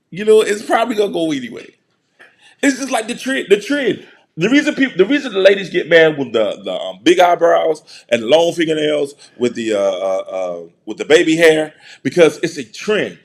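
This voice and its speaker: A middle-aged man hosting a show, giving a casual, joking commentary monologue and laughing often. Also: a little high. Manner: joking, laughing often, mocking put-on voices. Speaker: show host.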